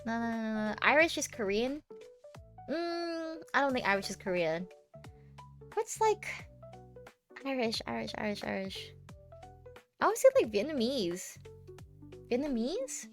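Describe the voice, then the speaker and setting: A woman's voice: on the high side, big pitch swings, measured pace, pauses often, faint music behind. A young American woman streaming live, chatting casually and playfully with many restarts. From United States.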